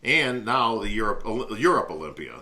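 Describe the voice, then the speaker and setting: A man's voice: on the low side, very animated, fairly quick, pushed and bright. A man co-hosting a podcast, talking casually and laid-back, often saying "bro". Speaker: podcast co-host. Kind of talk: casual chat.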